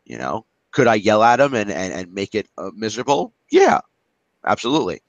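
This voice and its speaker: Male instructor, low and dry, loose rambling classroom storyteller. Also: sing-song, brisk, no echo, dull audio. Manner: rambling, with many restarts and asides. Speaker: instructor leading a class discussion.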